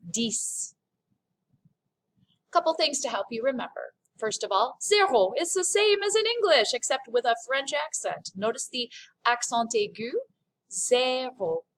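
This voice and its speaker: A woman's voice: a little high, a bit bright, low-quality recording. A woman French teacher giving a recorded online lesson, explaining pronunciation patiently and step by step.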